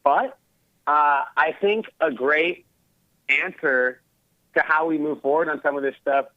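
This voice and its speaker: Casual rambling caller, muffled line. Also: male voice, fairly high pitch, unhurried, no echo. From Los Angeles area. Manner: casual, rambling, full of fillers like "like". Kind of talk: phone-in conversation.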